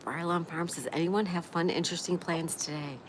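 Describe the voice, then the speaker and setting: The host here is a woman whose voice is on the low side, fairly quick and fairly even in intonation. She reads viewer comments aloud on her casual live stream, greeting people by name and replying with gushing exclamations amid a noisy background.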